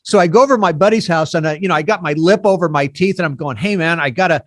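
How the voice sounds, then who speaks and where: A man in his sixties hosting a podcast, telling stories in an animated way and laughing between lines. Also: sits high, very fast. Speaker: podcast host and founder of a recovery nonprofit. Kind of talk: casual podcast conversation.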